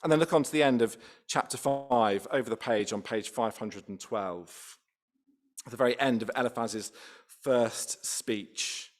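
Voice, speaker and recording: A man's voice: mid-range voice, a little slow. A man preaching a sermon in a church, talking conversationally, often restarting and asking rhetorical questions.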